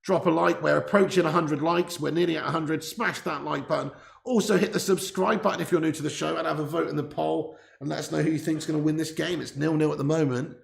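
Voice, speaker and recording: A man hosting a casual live football watch-along, laughing often as he reads out viewer messages. His voice is heavily gravelly and sits a little high. He sounds distant from a laptop mic with the gain turned up, in a roomy, echoing space. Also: fairly even intonation, fast talker. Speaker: live stream host. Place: room indoors. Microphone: laptop mic set far away with gain turned up. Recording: echoey room.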